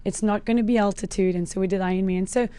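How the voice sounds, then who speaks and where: Casting: South African woman, 40s, podcast guest, lively and quick to laugh, mid-pitched. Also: clear, resonant tone, no echo. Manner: lively, laughs often, acts out her own quoted lines. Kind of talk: casual chat.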